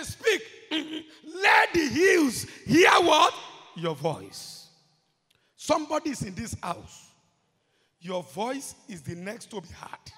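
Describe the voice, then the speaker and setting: Pastor preaching, real high gravelly voice, slow drawl, big echoey church hall. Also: male voice. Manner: preaching, swinging from murmured asides to shouted chants. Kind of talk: sermon.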